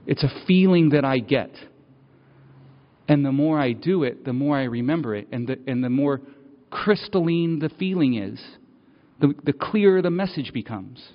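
A man's voice: mid-range voice, expressive, moderate pace. Male preacher, conversational storyteller who builds with repeated phrases; long hall echo, slightly muffled sound. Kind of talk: personal sermon storytelling. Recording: dull, reverberant hall sound.

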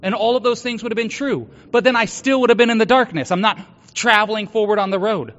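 A man preaching a sermon, earnest, moving between hushed confession and loud exhortation. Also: high-pitched, a little slow, pauses often. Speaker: pastor. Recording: dull lo-fi sound with long hall reverb.

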